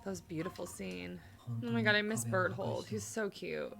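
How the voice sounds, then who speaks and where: Over music, a young woman with a low-ish, gravelly voice talks at normal speed as host of a casual reaction chat. Emotional and effusive, she leans heavily on "um" and "like."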